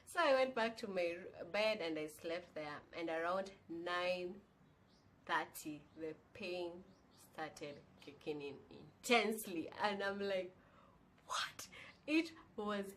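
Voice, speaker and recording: A woman's voice: fairly low pitch, slow, a little hiss or hum. A young woman, casually and candidly telling a personal story on her vlog, now and then slipping in Swahili phrases. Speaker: vlogger.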